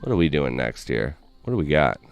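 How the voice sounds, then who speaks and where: A man's voice: extremely low pitch, sing-song, a little fast, clear, resonant tone, soft background music. A man hosting a gaming stream, telling a rambling casual story with lots of 'like'. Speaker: stream host.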